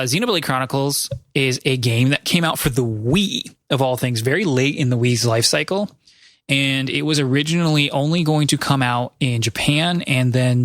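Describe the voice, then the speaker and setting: A man's voice: medium pitch, a bit bright, no echo, studio quality. A man hosting a casual gaming podcast, rambling and correcting himself as he tells a story. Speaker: podcast host. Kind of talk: casual chat.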